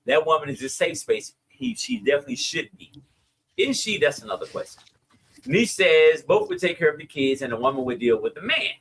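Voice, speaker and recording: A man with a Southern US accent hosting a podcast, chatting casually and reading listener comments with lively, slangy delivery. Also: a little high, fairly quick, slight background noise, rough recording. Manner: animated, laughing, Southern slang. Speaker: podcast host.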